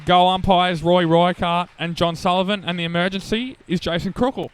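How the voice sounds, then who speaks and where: A man's voice: sits high, steady tone, clean tone. A man with an Australian accent, co-commentating a local football final and reading out team lists. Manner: enthusiastic, reads team lists briskly. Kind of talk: live sports commentary.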